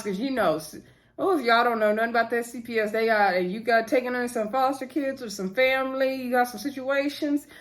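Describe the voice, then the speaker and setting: A woman with a slightly high, fairly bright voice recaps a TV episode in a rambling vlog. She speaks straight to viewers, with lots of asides and many a "so anywho."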